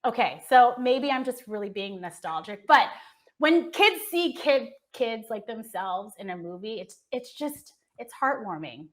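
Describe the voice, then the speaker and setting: Animated high-voiced American woman. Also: measured pace. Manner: enthusiastic, gushing. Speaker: host. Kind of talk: casual chat.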